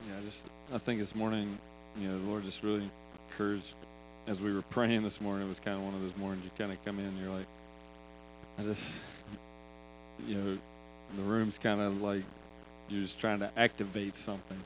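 A man's voice: fairly low pitch, level tone, a little fast, pauses often, music in the background, rough recording. A man speaking casually and reflectively at the close of a church talk. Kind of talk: sermon reflection.

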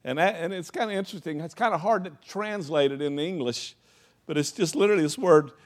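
Higher-voiced man preaching conversationally. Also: fast talker. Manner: conversational preaching, frequent "you know"; acts out anecdotes with laughing asides. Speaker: pastor. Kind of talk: sermon.

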